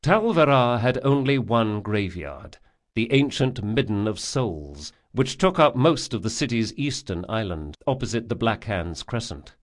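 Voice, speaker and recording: A man's voice: on the low side, sing-song. Man narrating a fantasy audiobook. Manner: measured, vivid storytelling. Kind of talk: scripted narration.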